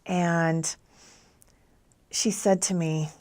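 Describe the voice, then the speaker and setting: A woman speaks earnestly and gently, sharing a reflective personal testimony. Her voice sits on the low side for a woman. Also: level tone, extremely slow. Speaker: returned missionary.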